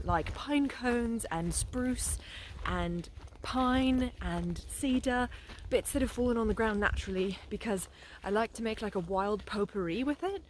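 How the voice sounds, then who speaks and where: Woman, casual walking vlogger with a put-on British accent, mid pitch, faint outdoor hum behind. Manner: rambling, whimsical, chatty. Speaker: nature vlogger. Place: outdoors in the woods.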